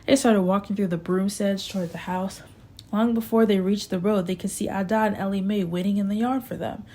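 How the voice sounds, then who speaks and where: A woman narrating an audiobook in a steady, unhurried amateur reading. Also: mid-range voice. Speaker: audiobook reader.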